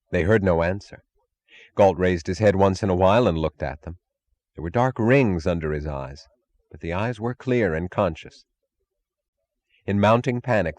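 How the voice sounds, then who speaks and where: A man reading a novel aloud as an audiobook narrator, in a measured, dramatic delivery. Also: low-pitched, a little mellow. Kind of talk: scripted narration.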